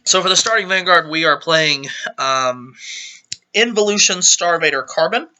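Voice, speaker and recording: A man with a very bright, edgy tone and a fairly high voice talks through a card game deck in a loose, casual way. He rambles and stops to correct himself mid-thought. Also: moderate pace. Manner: rambling, self-correcting explanation. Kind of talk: casual deck profile talk.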